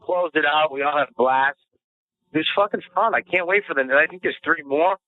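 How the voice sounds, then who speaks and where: A man's voice: fairly high pitch, a little fast. A male comedian talking brashly and profanely in casual radio banter. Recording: tinny phone-like radio audio.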